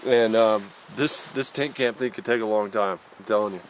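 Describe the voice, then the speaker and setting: A man talks easygoing and folksy while showing his camp gear, his voice sitting a little low. He is slightly out of breath from the altitude, recorded outdoors with clear background noise. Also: steady tone, moderate pace. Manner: easygoing, folksy, says y'all. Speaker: outdoor vlogger. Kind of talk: casual camping vlog. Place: outdoors at a mountain campsite.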